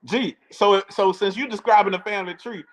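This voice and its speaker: A man co-hosts a casual sports podcast, his voice sitting fairly high. He trash-talks rivals playfully and says his points again and again. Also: fairly quick, low-quality recording. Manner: playful trash talk, insistent repetition. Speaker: podcast co-host.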